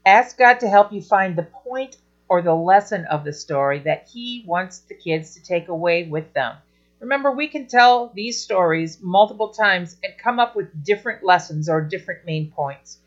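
Woman, children's ministry teacher; slow, lowish, dull lo-fi recording. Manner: earnest, amused, reads scripture aloud expressively. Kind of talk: teaching talk on storytelling.

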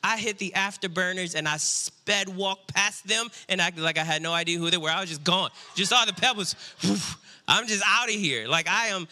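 A pastor in his thirties telling a funny family story in a sermon, animated and jokey, acting out the voices of his family. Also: high voice. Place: church stage.

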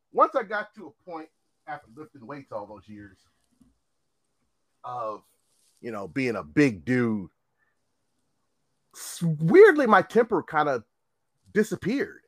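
A man in his fifties tells a story with a high, expressive voice that leaps up and down. He swears freely and breaks into laughter. The sound is close and dry. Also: takes it slowly, pauses often, dry recording. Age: 50s. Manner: animated, profane, laughing storyteller. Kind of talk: casual storytelling chat.

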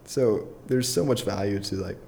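A young adult man, a podcast guest, telling a personal story in a casual, rambling way full of fillers and quick chuckles. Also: lowish voice, gravelly, a little mellow, slight background noise. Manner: rambling, filler-heavy, restarts often, chuckles through his story.

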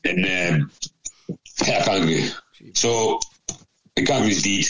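A man's voice: low voice, lively intonation, measured pace, fairly bright tone, a little hiss or hum, poor audio. A man telling a rambling, sweary anecdote in casual chat, with laughs along the way. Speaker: storyteller.

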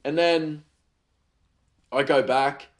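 A man's voice: a little high, fairly even intonation, very slow. A man, a chef, telling a heated, rambling story about his work, full of fillers and restarts. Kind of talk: casual storytelling monologue.

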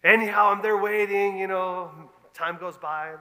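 High, bright-voiced pastor telling a story. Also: male voice, moderate pace. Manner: animated, laughing, exasperated storytelling. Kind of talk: storytelling sermon. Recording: long hall reverb.

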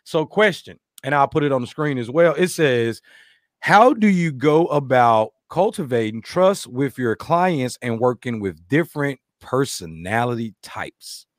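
A man's voice: medium pitch, lively intonation, measured pace, no room sound, clean studio sound. A man hosting a podcast in casual chat, playful and joking. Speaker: podcast host.

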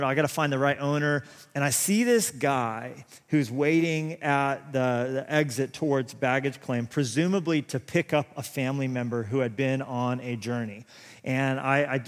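A man in his thirties preaching a sermon, telling rambling, self-deprecating stories full of restarts. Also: mid-range voice. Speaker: pastor. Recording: long hall reverb.

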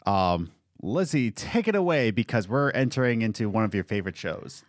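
A man's voice: lowish voice, very animated, moderate pace, no echo, studio quality. A man co-hosting a casual talk show, speaking in a heated, rambling way with many restarts. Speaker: podcast co-host. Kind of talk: casual opinionated chat.

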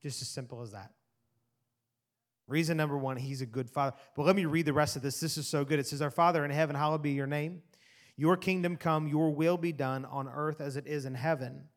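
A man preaching a sermon in an animated way, swinging from loud emphasis to quiet asides. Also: a little high, brisk. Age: adult parent. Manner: animated preaching, rising and dropping to soft asides. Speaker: pastor.

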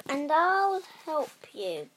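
A young reader doing a skinny scheming cat. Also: female voice, high voice, big pitch swings, extremely slow, a bit bright, slight background noise, voice pushed up, heavily acted. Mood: coaxing.

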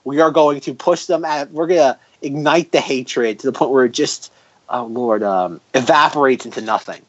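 Animated male podcast host, mid-pitched voice, dry close sound. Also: normal speed, no room sound, dull audio. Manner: animated, exclaims and repeats himself. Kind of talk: casual chat.

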